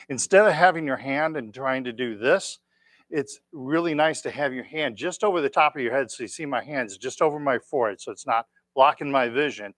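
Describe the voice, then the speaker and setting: A man leading a tai chi class, giving calm, encouraging step-by-step cues. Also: mid-range voice, no room sound. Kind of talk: guided exercise class.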